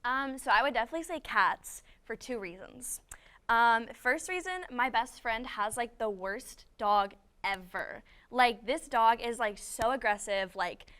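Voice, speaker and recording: Bright, clear-voiced young woman. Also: on the high side, lively intonation, unhurried. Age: young adult. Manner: chatty, self-mocking, dramatic. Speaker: student panelist. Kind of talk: casual storytelling.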